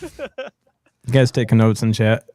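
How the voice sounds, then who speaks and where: A man's voice: lowish voice, flat delivery, measured pace, warm tone, no echo. A man hosting a casual podcast, joking around and reading chat comments aloud. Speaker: host.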